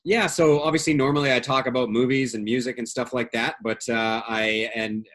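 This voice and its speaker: A man's voice: mid-range voice, steady tone, fairly quick, fairly bright tone. A man in his forties, a regular panelist, talking casually in a rambling, self-deprecating way with many fillers. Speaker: regular panelist on movies and music. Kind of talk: casual chat.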